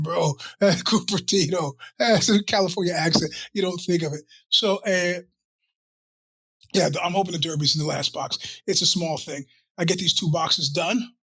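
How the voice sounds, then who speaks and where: A man hosts his own podcast in a loose, rambling monologue, cutting himself off and swearing often. His voice is forceful and bright with a husky grain, pitched a bit high for a man. The sound is dry and close. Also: dry recording. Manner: rambling, profane, self-interrupting. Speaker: podcast host. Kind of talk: casual monologue.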